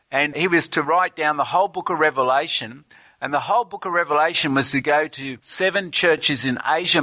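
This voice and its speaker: A man's voice: medium pitch, sharp tone, no room sound. A man preaching a sermon in an earnest way, reading scripture aloud and asking the congregation rhetorical questions.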